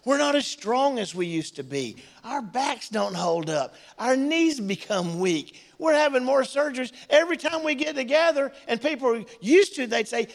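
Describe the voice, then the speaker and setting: A middle-aged male pastor preaching a sermon in a church, swinging between loud outbursts and quiet, emotional asides. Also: very high-pitched, sing-song, moderate pace, hardly any pauses.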